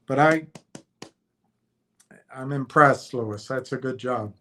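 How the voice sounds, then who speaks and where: Man, slow unhurried talk, livestream host, casual chat, lots of fillers. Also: mid-range voice, a bit bright. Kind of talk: casual chat reading viewer comments.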